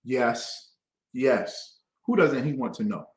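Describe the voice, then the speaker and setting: A man's voice: medium pitch, lively intonation, slow pace. A man leading a call-and-response Bible class, quizzing his students with emphatic questions. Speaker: class teacher. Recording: echoey room.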